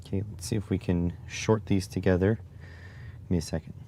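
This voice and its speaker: Low-voiced wry Canadian streamer. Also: male voice, steady tone, fairly quick, dark tone, a little hiss or hum. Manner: wry, rambling asides while working with his hands. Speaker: livestream host. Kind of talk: casual livestream chat.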